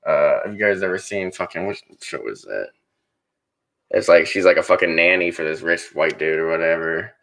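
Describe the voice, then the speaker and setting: Low-voiced blunt podcast co-host. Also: male voice, normal speed, vocal fry, a bit bright. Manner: blunt, profane. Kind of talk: casual podcast chat.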